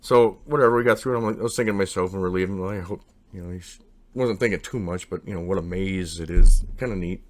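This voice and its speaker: A man casually telling a long, rambling personal story, acting out what people said. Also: quick pace. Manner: rambling, animated, acts out quotes with raised pitch.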